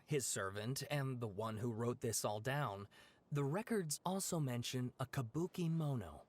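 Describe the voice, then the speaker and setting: A man's voice: mid-range voice, lightly acted. An actor playing a level-headed male researcher with a matter-of-fact, slightly impatient manner.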